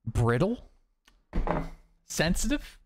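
A man's voice: a little high, huge pitch swings, very slow, background noise. A young man, streaming a shooter game with joking, swearing running commentary. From Canada. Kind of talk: casual gameplay commentary.

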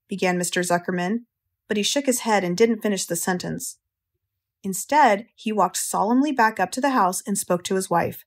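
Breathy American woman reading a storybook. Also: mid-range voice. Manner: calm, measured, gentle storytelling. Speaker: audiobook narrator. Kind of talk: scripted audiobook narration.

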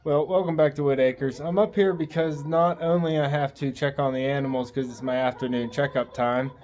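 A man vlogging from his homestead barn, talking through his animals' care and chatting softly to his ducks. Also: mid-range voice, steady tone, brisk, muffled recording, slight background noise. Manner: talks gently to his animals in a raised sing-song voice. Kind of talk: casual vlog narration. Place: outdoors at a barn with farm birds. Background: ducks, geese and chickens honking.

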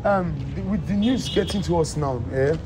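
A man with a Nigerian Pidgin accent playing a friend who keeps trying to calm a fight down in a comedy skit. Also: high-pitched, moderate pace, background noise, close to an everyday voice. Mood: pleading. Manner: calming, pleading, questioning. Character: adult male friend playing peacemaker. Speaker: actor in skit. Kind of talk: street comedy skit acting.

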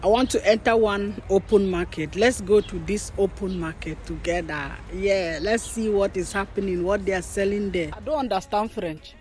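A woman's voice: medium pitch, normal speed, few pauses, darkish tone. A woman vlogging on a handheld phone at an outdoor market, talking chattily to viewers and laughing often. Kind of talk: casual walking vlog. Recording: music playing under the voice. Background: background music.

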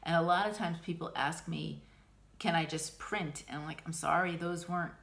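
Chatty, gushing woman crafter, low voice. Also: fairly even intonation, normal speed, creaky, a bit bright. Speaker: cross-stitch vlogger. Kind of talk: casual chat.

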